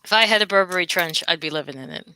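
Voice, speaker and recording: A woman's voice: lowish voice, expressive, fast, sharp tone, smooth, dry recording. A woman with a New York accent, chatting casually on a live stream, repeating herself and asking viewers questions. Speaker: livestream host.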